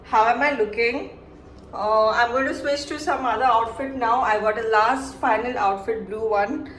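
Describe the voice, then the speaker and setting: In a casual talk-to-camera travel vlog, a young woman speaks at a moderate pace with a fairly high pitch, excitedly chatting and repeatedly calling viewers "guys." The setting is a resort villa and restaurant in hot weather, and there's slight background noise.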